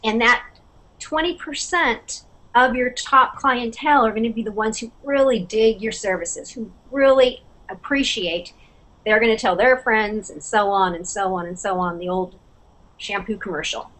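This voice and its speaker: Woman chatting on a webcam panel, bit higher voice, trips over words. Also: fairly bright tone. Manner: halting, repeats herself, conversational. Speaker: panelist, small business owner. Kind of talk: casual video call discussion. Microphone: video call webcam.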